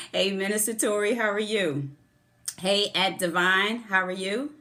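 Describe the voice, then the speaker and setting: Speaking slowly in a mid-range voice that sounds pushed and bright, a middle-aged woman who used to be a therapist opens her live-streamed motivational talk. She gushes over viewers by name before turning to her subject, recording on a phone camera.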